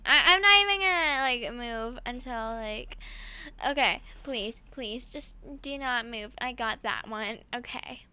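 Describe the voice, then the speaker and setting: A woman with a high voice hosts a gaming channel, giving laid-back commentary on her gameplay. She's excitable and exclaims often as she chats with her viewers.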